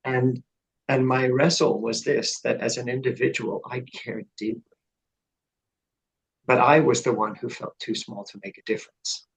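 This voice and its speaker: A man's voice: mid-range voice, fairly even intonation, normal speed, vocal fry, low-quality recording. A middle-aged man, a podcast guest, telling his story in an earnest, reflective way that builds to fervent emphasis. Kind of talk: conversational interview storytelling.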